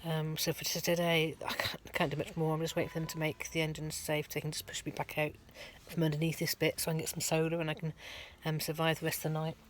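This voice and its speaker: A woman's voice: low-pitched, monotone, quick pace, hardly any pauses, a little hiss or hum. A middle-aged woman, giving a rambling, chatty vlog update from her van at a garage, full of ums and restarts. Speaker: van life vlogger.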